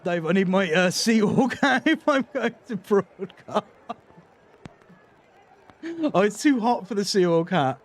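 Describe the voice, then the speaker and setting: British man, high-pitched, slow drawl, sarcastic live reaction commentary. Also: animated. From Britain. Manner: wry, sarcastic asides with frequent laughter. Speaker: reaction video host.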